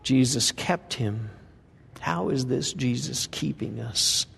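Slow and husky, with a gravelly yet fairly bright medium-pitched voice, a man preaches in a church sanctuary. His sermon is conversational, mixing scripture readings with frequent rhetorical questions, and the recording has a reverberant hall sound.

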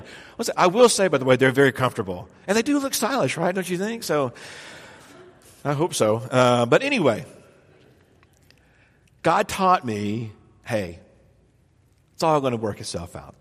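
A man's voice: fairly high pitch, big pitch swings, moderate pace, pauses often, fairly bright tone, big-room sound. A man preaching a sermon in a church. He tells homely stories, pokes fun at himself and keeps asking the room questions. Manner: conversational, self-deprecating storytelling with rhetorical questions. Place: church sanctuary.

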